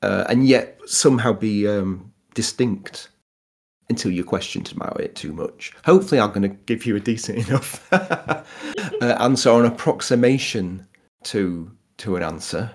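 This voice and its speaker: A man from Yorkshire, England, speaking with a Yorkshire accent, appears as a guest explaining food history in a casual, conversational way. His voice is lowish at normal speed, and he laughs often and restarts sentences.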